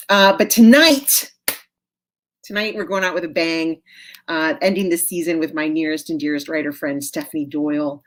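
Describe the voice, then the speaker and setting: A woman in her forties hosting an author interview over a video call, chatty and enthusiastic, with many fillers and frequent laughs. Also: low-pitched. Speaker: host of an author interview show. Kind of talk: casual video chat interview.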